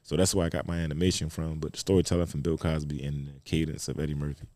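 A man from Baltimore, a comedian guest telling stories in an animated, profane way on a casual podcast. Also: a bass voice, fast talker, dry recording. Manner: animated storyteller, profane, slips into quoted voices.

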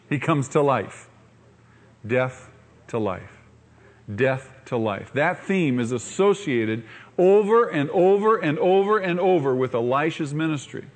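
A man delivers a sermon in a fairly high voice. He tells the story with energy and acts out the characters' lines. He keeps drawing the congregation in with rhetorical questions. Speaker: pastor.

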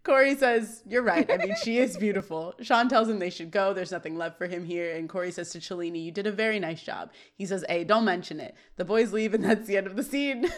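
A woman's voice: mid-range voice, brisk. A woman co-hosting a podcast, animatedly retelling a sitcom scene and quoting the characters with laughs. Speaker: podcast co-host. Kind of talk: casual recap chat.

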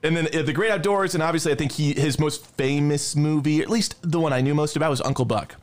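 A young man co-hosting a podcast, reading through film credits and fun facts between easy laughs. His voice sits fairly high for a man, and the talk is loose and conversational. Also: fast talker. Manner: reads lists of film credits, laughs often. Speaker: podcast co-host. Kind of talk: casual movie chat.

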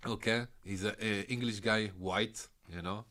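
Guy, middle-aged, bright tense voice, laughs a lot telling his stories. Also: fairly low pitch, moderate pace. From France. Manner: animated storyteller, laughs often, broken English. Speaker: podcast guest. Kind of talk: casual interview chat.

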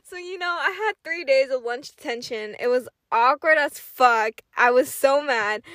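Animated, profane young woman storyteller. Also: high voice, dry recording, clean studio sound. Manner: profane, laughs often, animated retelling. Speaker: podcast host. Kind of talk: casual storytelling monologue.

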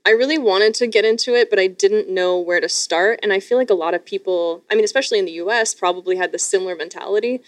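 A woman's voice: medium pitch, quick pace, hardly any pauses, dry recording. Young canadian woman guest, chatty and gushing, repeats herself, dry sound. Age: young adult. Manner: enthusiastic, gushing with many restarts. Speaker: guest, live streamer. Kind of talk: casual podcast chat.

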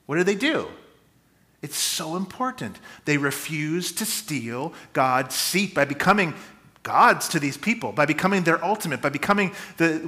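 A man preaching a sermon, with dynamic delivery that swings between loud emphasis and quiet asides. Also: a little high, big pitch swings, moderate pace. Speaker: pastor.

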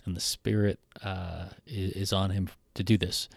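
A man's voice: sits low, level tone, moderate pace, vocal fry, breathy edge, no echo. A man preaching a conversational sermon in a casual, irreverent way. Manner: casual, irreverent, with frequent fillers and restarts. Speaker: pastor.

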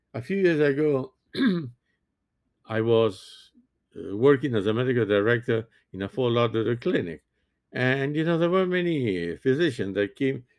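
A man in his sixties, a physician, giving a halting, earnest opinion monologue and often restarting his sentences. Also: medium pitch, creaky, a little mellow, no room sound. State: sleepy, yawning. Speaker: physician commentator.

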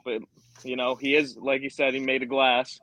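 A man on a remote call gives his sports takes in a casual chat, and his voice comes through bright. He repeats his points to stress them, and the sound is dry and close. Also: mid-range voice, level tone, dry recording. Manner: repeats himself, measured opinions. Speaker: guest on call. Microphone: remote call audio, cutting out.

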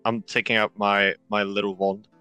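Bright-toned, hesitant man. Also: fairly low pitch, flat delivery, clean tone, dry recording, soft background music. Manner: hesitant, halting, full of fillers. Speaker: player. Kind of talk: describing actions in a tabletop game.

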